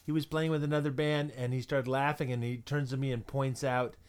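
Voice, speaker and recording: Male host, mid-pitched, relaxed conversational interviewer. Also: brisk, smooth. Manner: relaxed, prompting questions with laughs. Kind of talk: casual interview chat.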